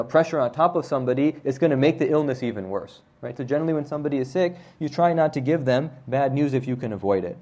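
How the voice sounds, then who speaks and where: A man teaching a religious lesson, retelling the story in a casual, conversational way and often checking in with listeners with a quick "right?". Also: mid-range voice, a little mellow.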